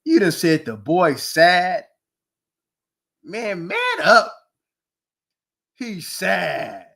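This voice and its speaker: A man, ranting casually about football, animated and mocking, often breaking into laughs and loud outbursts. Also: sits high, drawn-out words, vocal fry. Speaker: sports commentator. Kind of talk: casual sports rant. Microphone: streaming mic.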